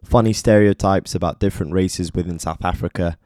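A man with a very deep, dark voice narrates a biography from a script. He is measured and speaks straight to the listener, and the recording is close and dry. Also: fairly even intonation, no room sound. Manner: measured, addresses listener directly. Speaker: documentary narrator.

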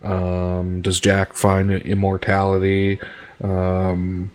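A man's voice: low-pitched, completely flat delivery, very slow, darkish tone. A man chatting on a podcast as co-host, giving dry short replies and hesitating with many ums. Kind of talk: casual chat.

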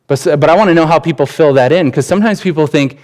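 A man's voice: on the high side, fast talker, darkish tone. Conversational man preaching a sermon. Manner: conversational, personal anecdotes, frequent restarts. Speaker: pastor.

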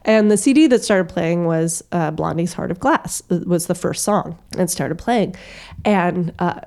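Animated woman in her thirties telling a story. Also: lowish voice, unhurried. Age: 30s. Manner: lively, acts out voices of classmates. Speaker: podcast guest.

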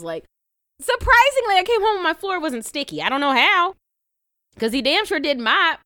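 Lively, bright-voiced woman telling stories. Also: high voice, normal speed, no room sound, studio quality. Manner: animated storyteller who laughs often and acts out quotes. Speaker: podcast co-host. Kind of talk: casual chat.

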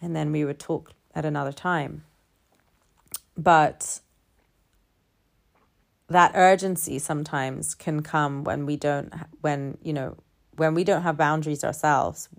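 A woman speaking in a calm, measured reflective monologue, building her points through repeated phrases. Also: low voice, creaky.

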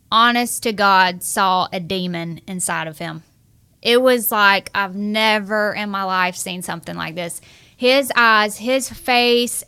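Young woman guest. Bright, clear voice; earnest, animated storytelling. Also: medium pitch. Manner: earnest, animated, acts out quoted dialogue. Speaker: guest sharing her marriage story. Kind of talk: emotional personal storytelling.

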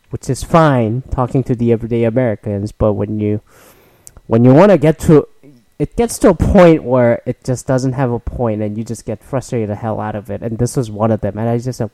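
A man's voice: medium pitch, moderate pace, mellow, dry recording. A man in his thirties, a podcast host, delivering a rambling, profane, exasperated solo rant.

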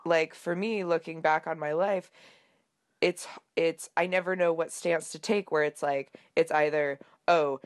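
A woman's voice: low-pitched, steady tone, unhurried. A woman co-hosting a podcast in casual chat, a little under the weather, rambling with lots of fillers. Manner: rambling, filler-heavy, laughs often. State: a little sick. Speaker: podcast co-host.

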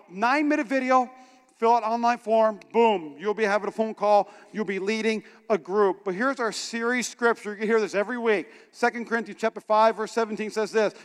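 A pastor delivers an energetic sermon, joking, animated, and drawing his congregation in. His male voice is strikingly high, with a clear, resonant tone that rings in the long reverb of a big church hall.

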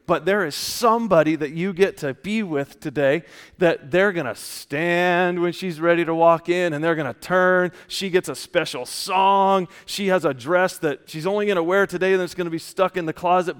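A man preaching a casual, story-filled sermon, often dropping to a soft hushed tone. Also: high-pitched, smooth. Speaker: pastor. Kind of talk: conversational sermon with stories. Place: church. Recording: long church hall reverb.

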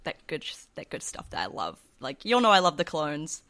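A woman's voice: low-pitched, sing-song, fairly quick, a bit bright. A woman co-hosting a casual podcast chat, gushing and chatty with lots of fillers. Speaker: podcast co-host.

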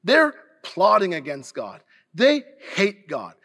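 Man, pastor, sermon, high voice, slow delivery, earnest, emphatic. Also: huge pitch swings, pushed and bright. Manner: earnest, emphatic preaching with restarts.

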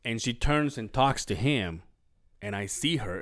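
A man hosting a podcast with a bouncy, expressive pitch that rises and falls as he talks. He rambles through a story in loose, profane chat, correcting himself along the way. His voice sits in a middle register. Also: unhurried. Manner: profane, animated storyteller acting out quotes. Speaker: podcast host.

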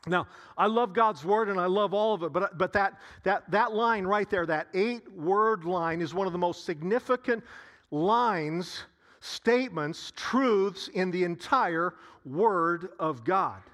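A man preaching a sermon, repeating phrases with long dramatic pauses and sighs. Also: high voice, a bit bright. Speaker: pastor.

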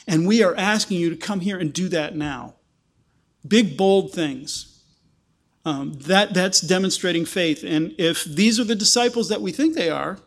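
A man preaching a sermon, explaining a passage and acting out the people in it with lively quoted voices. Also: sits high. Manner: animated, acts out quoted voices.

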